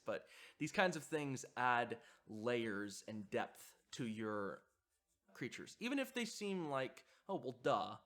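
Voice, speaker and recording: In a video essay on horror sound design, a man with a medium-pitched, fairly bright voice offers reflective commentary. His delivery is hesitant, with frequent fillers and restarts.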